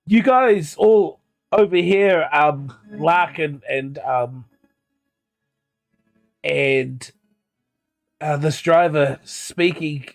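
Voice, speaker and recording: A man's voice: on the high side, extremely slow, creaky, long pauses, faint music behind. A man narrating as game master of a tabletop game, hesitant and full of filler words.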